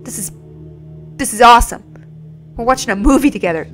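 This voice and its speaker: A woman's voice: on the high side, a little fast, pauses often, fairly bright tone, faint music behind. A woman streaming a video game, joking playfully and chatting with her viewers. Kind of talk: casual live-stream commentary.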